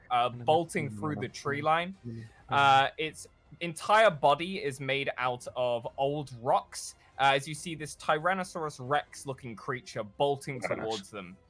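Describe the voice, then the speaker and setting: A man's voice: medium pitch, measured pace. A young man narrating as dungeon master, filling the scenes with ums and uhs. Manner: many ums and uhs, lively scene-setting. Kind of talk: tabletop game narration.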